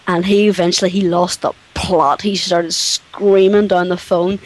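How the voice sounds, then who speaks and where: A Northern Irish woman briskly telling dry call-center stories in casual chat. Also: on the low side, flat delivery, low-quality recording. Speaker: guest. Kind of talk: casual storytelling.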